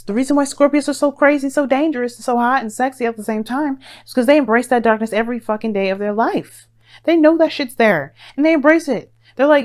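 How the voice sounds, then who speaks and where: A woman giving a casual tarot reading to her viewers, blunt and profane, pushing her points with emphatic repeats. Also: fairly high pitch. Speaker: tarot reader.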